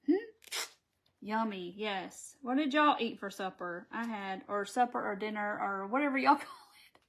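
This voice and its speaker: A woman's voice: mid-range voice, moderate pace. A woman with a Southern American accent hosting a casual live crafting tutorial, chatting and reading viewer comments aloud as she works. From Southern United States.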